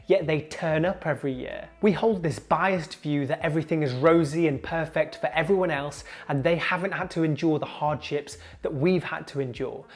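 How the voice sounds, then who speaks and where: A young man giving an earnest, measured motivational talk to camera, slowing down to stress key points. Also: fairly high pitch. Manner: earnest, measured, slows down for emphasis. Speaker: junior doctor and comedian, video host.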